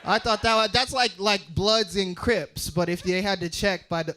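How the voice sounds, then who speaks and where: A young Utah man does stand-up at normal speed, animated as he jumps into loud, high character voices and sinks into low asides. There's a little hiss or hum in the audio.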